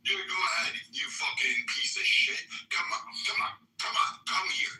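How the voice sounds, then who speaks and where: A man's voice: mid-range voice, expressive, a little fast, few pauses, pushed and bright, soft background music. A man in a heated online audio-room argument, taunting and swearing aggressively. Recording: roomy, distant audio-room capture.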